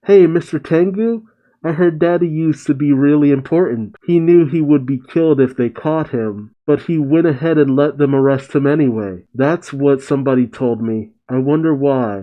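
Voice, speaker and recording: A man's voice: on the high side, normal speed, muffled recording, natural voice. A man voicing a curious little girl.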